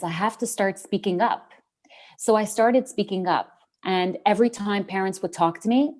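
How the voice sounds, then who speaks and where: A woman's voice: lowish voice, a little mellow. A woman guest on an interview podcast, earnestly retelling a story about parenting with many restarts and fillers.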